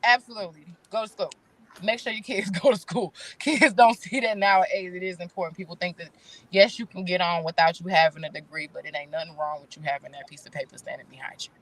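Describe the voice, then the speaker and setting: A woman's voice: on the low side, steady tone, fast, fairly bright tone. A woman in her thirties, a talk show guest, speaking candidly in casual chat with blunt, slangy phrasing. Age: 30s.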